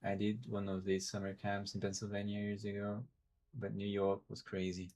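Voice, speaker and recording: A man whose first language is Portuguese, chatting casually and haltingly while streaming a game and thinking aloud. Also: lowish voice, monotone, darkish tone, slight background noise. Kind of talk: casual gameplay stream chat.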